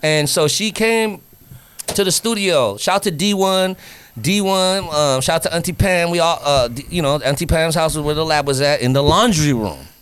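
Slangy animated storyteller man. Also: fairly high pitch, moderate pace, clean tone. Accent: Northern California. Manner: slangy, animated storyteller who acts out quotes. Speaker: guest. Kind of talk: casual storytelling.

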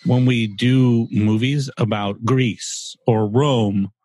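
A man's voice: medium pitch, steady tone, takes it slowly, mellow. A man co-hosting a podcast, talking in an opinionated, rambling casual way with some swearing. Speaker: podcast co-host. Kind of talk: casual chat.

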